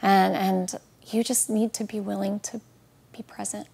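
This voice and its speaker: A woman, a guest on an interview, talks in an earnest, heartfelt way about faith and loss, slowing and softening on key words. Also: mid-range voice, flat delivery, creaky, husky. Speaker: guest, widow sharing her story.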